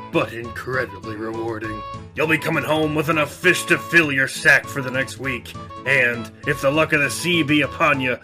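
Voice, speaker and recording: A man's voice: mid-range voice, natural voice. A man voicing a boisterous pirate ship captain in a comedic parody ad, with bawdy growled interjections. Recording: ad with loud guitar music behind.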